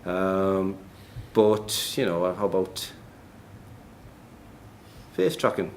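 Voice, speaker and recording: Man, lowish voice, conference demo talk, joking, laughs a lot, lots of ums, faint room noise. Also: steady tone, extremely slow, a little mellow. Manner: chatty, joking, laughs often, many ums. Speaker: conference speaker. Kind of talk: live tech demo talk. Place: noisy, echoey conference room.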